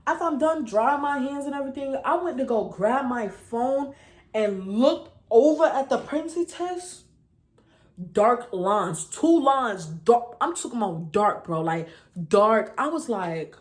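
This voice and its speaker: A woman in her twenties from New York City with a New York accent, telling a story to camera in a casual, slangy, animated way and acting out the voices she quotes. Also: fairly high pitch, normal speed. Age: 20s. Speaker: vlogger.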